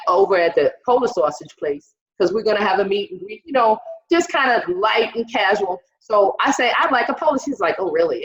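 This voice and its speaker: A woman stand-up comedian, telling a profane story and acting out the quotes herself. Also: mid-range voice. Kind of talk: stand-up comedy set over video call. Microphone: video call. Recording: roomy, dull video call audio.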